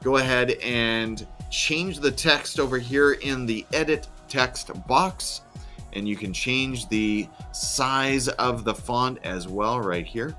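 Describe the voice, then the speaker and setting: Bright-voiced man walking through a tutorial. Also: mid-range voice, takes it slowly, faint music behind. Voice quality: chatty step-by-step explaining with dry asides. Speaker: teacher. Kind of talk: screen-recorded software tutorial narration.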